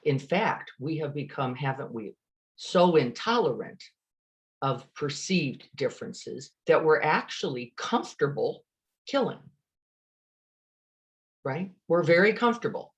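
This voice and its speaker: Slow, energized woman teaching meditation. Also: deep voice. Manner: energized, lively and emphatic; asks the listener rhetorical questions. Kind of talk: meditation dharma talk.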